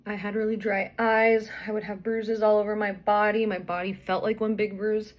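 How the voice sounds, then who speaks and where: A woman's voice: medium pitch, level tone, moderate pace. A young woman vlogger, out of breath and pregnant, chatting through a rambling personal story full of fillers and restarts.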